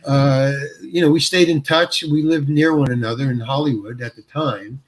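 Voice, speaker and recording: A man's voice: medium pitch, steady tone, moderate pace, breathy edge. An older man, an actor guest, tells stories in an interview. He stops and restarts often and chuckles as he goes. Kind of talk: anecdotal interview storytelling.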